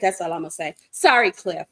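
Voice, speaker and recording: A woman co-hosting a casual chat, animated and laughing often. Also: on the low side, brisk. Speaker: co-host.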